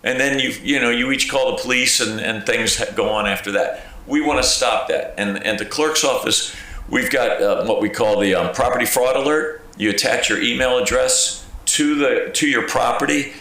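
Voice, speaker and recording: A man with a mid-range voice speaks at normal speed. He is a county clerk of court presenting to a village council, an animated storyteller who acts out phone calls and quotes, talking conversationally and repeating "okay?" for emphasis. The recording, made in the council chamber, is very echoey.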